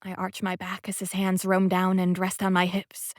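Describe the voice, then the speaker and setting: Soft-spoken woman narrating a romance. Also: fairly low pitch, monotone, moderate pace, hardly any pauses, no room sound, studio quality. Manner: soft, intimate, often whispery. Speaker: audiobook narrator. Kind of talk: first-person romance audiobook narration.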